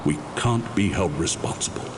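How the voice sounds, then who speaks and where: An actor voicing a formal, officious secret service superior with a clipped manner. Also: male voice, deep voice, normal speed, lightly acted. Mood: stern. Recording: reverberant noisy game audio.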